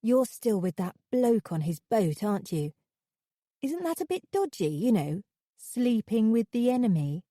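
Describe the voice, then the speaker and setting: A woman's voice: on the high side, big pitch swings, measured pace, dark tone, dry recording, studio quality. A woman reading an audiobook, voicing a blunt, cheeky younger sister in a raised voice. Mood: teasing. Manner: cheeky and brusque.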